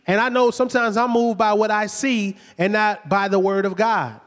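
High-voiced preacher man in a hall. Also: normal speed. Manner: lively, conversational retelling with acted quotes and rhetorical questions. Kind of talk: sermon. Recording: long hall reverb.

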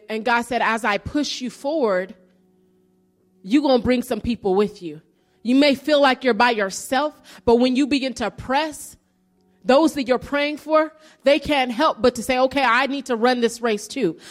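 A woman giving an earnest sermon-style testimony, telling her story and rising into preaching emphasis. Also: on the high side.

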